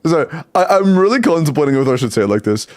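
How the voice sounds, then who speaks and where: A man's voice: on the high side, very animated, rapid-fire, darkish tone. A young man live-streaming, chatting casually, rattling off game stats and laughing often.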